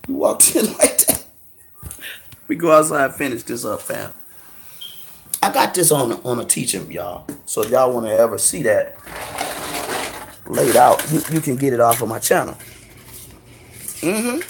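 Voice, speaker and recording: A man giving a confrontational street lecture, forcefully grilling his listeners with profanity. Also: mid-range voice, big pitch swings, normal speed, creaky, long pauses, reverberant, noisy background. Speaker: street teacher debating a crowd.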